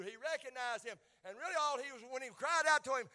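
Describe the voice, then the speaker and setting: A middle-aged Appalachian pastor preaching with a high, bright, ringing voice. His delivery is folksy and conversational, falling to quiet asides before climbing into loud, shouted peaks. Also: quick pace, hardly any pauses. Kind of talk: sermon.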